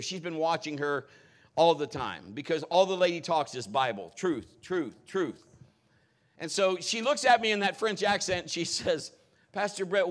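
Animated high-voiced male pastor preaching. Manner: animated, joking storyteller. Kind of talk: sermon with personal stories.

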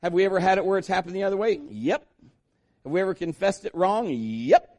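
High-voiced emphatic man preaching. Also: animated, brisk, darkish tone. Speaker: pastor. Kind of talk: sermon.

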